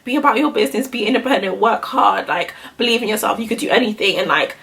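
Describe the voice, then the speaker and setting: In a casual get-ready-with-me video, a young beauty vlogger talks fast in a mid-range, gravelly, slightly bright voice with lively intonation. She rambles as she gets ready, saying "like" constantly.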